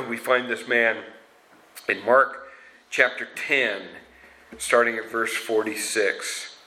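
Slow, earnest man preaching. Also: mid-range voice, fairly even intonation, bright, forceful tone, rough recording. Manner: slow, earnest storytelling with asides. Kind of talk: sermon.

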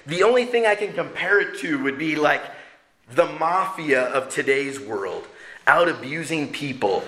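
A pastor delivers a sermon from his church, swinging between a raised voice for characters and a lower, earnest tone. His voice is bright and clear, with playful humor. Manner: acts out characters with raised pitch, jokes with the congregation. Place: church sanctuary.

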